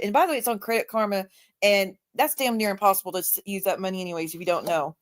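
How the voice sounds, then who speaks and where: A woman's voice: mid-range voice, racing. A woman hosting a live stream in casual chat, blunt and emphatic, swearing freely. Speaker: livestream host.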